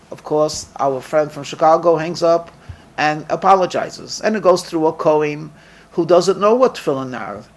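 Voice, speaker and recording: A man with a slightly high voice tells a story as a rabbi. He performs a lively storytelling sermon and acts out the characters' dialogue.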